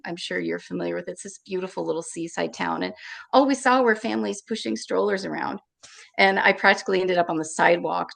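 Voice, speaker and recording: A woman being interviewed, telling a painful personal story in an emotional, halting way and repeating her words. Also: on the low side, creaky. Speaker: interview guest.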